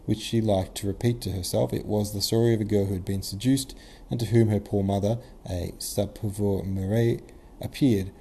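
Dark-voiced male audiobook narrator. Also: lowish voice, a little hiss or hum.

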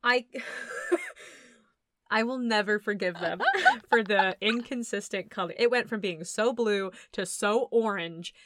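A woman co-hosting a casual movie chat, animated and laughing, acting out scenes in quick voices. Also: medium pitch, dry recording. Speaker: podcast co-host reviewing a movie.

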